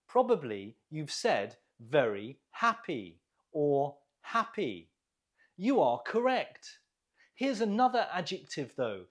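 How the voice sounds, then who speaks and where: A man teaching an English vocabulary lesson, explaining words clearly and asking learners questions to repeat. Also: on the high side. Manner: clear, lively teaching delivery with rising questions.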